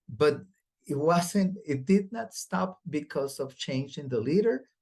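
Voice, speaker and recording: Slow, halting male researcher. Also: a little high, expressive, darkish tone. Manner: slow and halting, many fillers and restarts. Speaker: researcher giving a talk. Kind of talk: academic talk.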